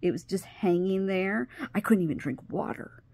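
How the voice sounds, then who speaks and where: A middle-aged woman telling a personal story on her video channel, animated, acting out what others said and sometimes dropping to a whisper. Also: mid-range voice, moderate pace, creaky, slightly rough, no room sound. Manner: animated, acts out quoted dialogue, drops to whispers. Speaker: vlogger.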